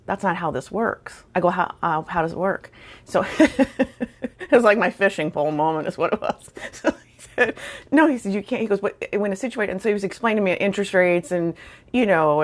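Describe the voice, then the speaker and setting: A middle-aged woman with a low voice spins a casual anecdote to her viewers. She's wry and self-deprecating, chatting loosely with plenty of fillers. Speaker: storyteller vlogger.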